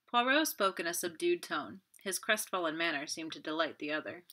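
A woman reading a novel aloud as an audiobook, steady storytelling with friendly asides. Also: on the low side, brisk, hardly any pauses. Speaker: audiobook reader. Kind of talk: audiobook narration.

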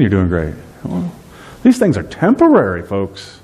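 A middle-aged man preaching a sermon as pastor, lively in delivery and slowing down to stress key phrases. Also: fairly low pitch, breathy edge. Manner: dynamic preaching, slows on key phrases, acts out everyday voices.

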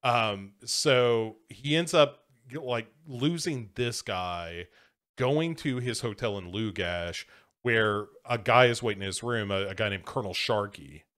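A man's voice: on the low side, unhurried, a bit bright. A man co-hosting a movie podcast, walking through a film's plot step by step with frequent "um" and "like". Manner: methodical plot recap, hesitant fillers and restarts. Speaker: podcast co-host. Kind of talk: casual movie chat.

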